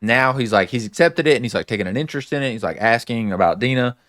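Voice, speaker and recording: A man's voice: medium pitch, lively intonation, fast, a bit bright, dry recording. A man casually recapping a TV episode, retelling scenes with lots of "like"s and adding his own opinions. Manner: chatty, many filler "like"s, retells scenes then gives opinions. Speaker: show recap host.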